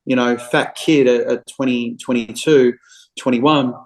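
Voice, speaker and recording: A man's voice: mid-range voice, steady tone, measured pace, rough recording. A middle-aged man with an Australian accent, a real estate agent telling anecdotes in a casual podcast interview. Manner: chatty, anecdotal storyteller.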